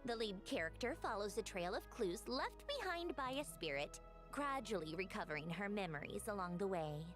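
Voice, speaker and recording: Woman voicing a thoughtful young woman, game dialogue, measured, expressive pitch, soft game music. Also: natural voice. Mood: reflective. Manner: measured, reflective.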